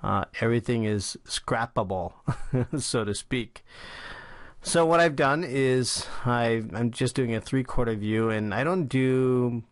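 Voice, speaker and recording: A man's voice: medium pitch, takes it slowly, dry recording. A man hosting a drawing channel, talking casually through a sketching tutorial with frequent "uh" fillers. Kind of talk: tutorial talk while sketching.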